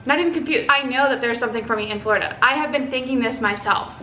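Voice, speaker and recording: A young woman from Texas telling a story to camera in a casual, animated way, swearing and acting out what others said. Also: a little high, fast. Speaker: vlogger. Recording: echoey room with faint ambient noise.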